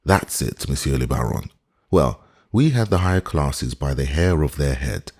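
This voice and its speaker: Gossipy old-regime wig maker, fawning and theatrical, deep husky voice with lively swings, a male reader putting him on. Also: normal speed, exaggerated voice.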